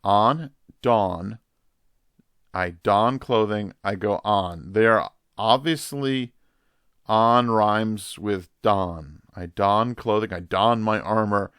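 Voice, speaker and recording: A man's voice: fairly low pitch, slow pace, a bit bright, clean tone, dry recording, studio quality. An older man, a pastor hosting his own channel, talking through a quiz in a playful, joking way and thinking aloud. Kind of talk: casual quiz reaction video.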